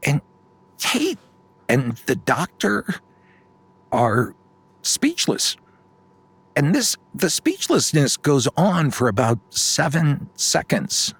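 A man's voice: a little high, slow pace, gravelly, husky, dry recording. Guy riffing a goofy bedtime story, very up and down voice, dead dry mic. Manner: animated storytelling with sudden put-on voices. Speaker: podcast host telling an improvised story. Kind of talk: improvised bedtime story, comedic.

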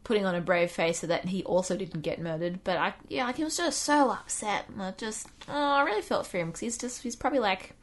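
A woman co-hosting a casual chat, reacting to an episode with expressive, dry jokes and giggles. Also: medium pitch, brisk, few pauses. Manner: expressive, giggly, drily joking. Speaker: podcast co-host.

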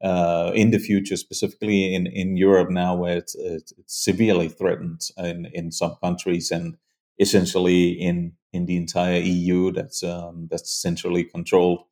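Deep-voiced man, earnest and halting. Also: flat delivery, mellow. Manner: earnest, halting, many fillers and restarts. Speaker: hunting show creator, guest. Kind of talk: conversational interview.

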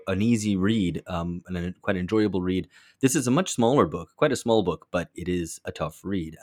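Co-host, man, very low voice, blunt, thinks aloud. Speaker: podcast co-host. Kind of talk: casual discussion.

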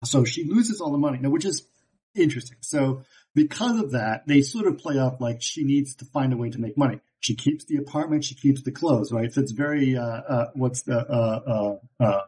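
A man co-hosting a casual chat show, retelling a plot with many pauses and filler sounds. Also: medium pitch, a little mellow, husky, poor audio. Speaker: podcast co-host.

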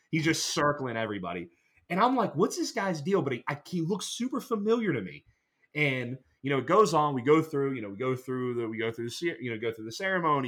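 A man in casual podcast chat, telling a rambling, animated story. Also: mid-range voice.

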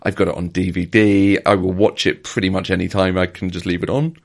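A man's voice: deep voice, level tone, a little fast, gravelly. A man co-hosting a podcast in casual chat, enthusiastic, often repeating words and laughing. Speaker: podcast co-host.

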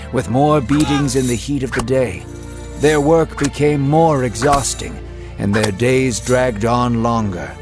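A man narrating a Bible story in a dramatic storytelling manner, over a music bed. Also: mid-range voice.

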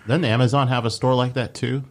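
A man's voice: medium pitch, fairly even intonation, fairly quick. A man in casual podcast chat who tells anecdotes and makes wry, teasing remarks.

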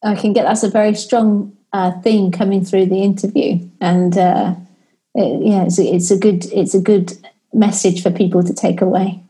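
Female host, mellow voice, upbeat, asks interview questions. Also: mid-range voice, little pitch movement, moderate pace. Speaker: podcast host.

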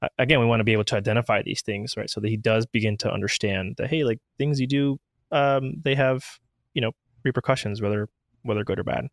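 Laid back guy co-host, medium pitch, dry close sound, lots of like and right. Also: steady tone, fast, gravelly, dry recording. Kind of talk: casual podcast conversation.

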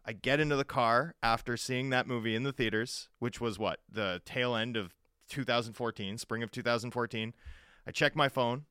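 A man co-hosting a sports talk show, telling stories in an animated, chatty way with quick asides. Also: medium pitch, smooth, no room sound, studio quality. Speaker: sports radio co-host.

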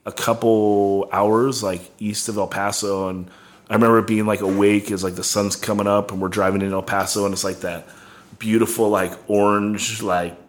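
A man's voice: lowish voice, little pitch movement, moderate pace. A young man casually telling a rambling, profane tour story, full of "like" and laughs. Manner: rambling, heavy on "like", swearing, laughing.

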